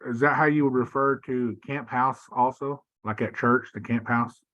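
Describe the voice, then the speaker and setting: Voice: mid-range voice, fairly even intonation, normal speed, a bit bright, dull audio. A student asking a teacher a hesitant question.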